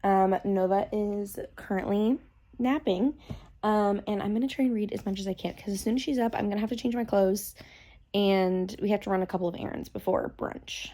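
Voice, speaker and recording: A woman's voice: medium pitch, steady tone, moderate pace, warm tone. Young woman rambling about her book in a vlog, laughs a lot, says like constantly. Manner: bubbly, giggly, fillers of "like". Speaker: vlogger. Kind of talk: casual reading vlog chat.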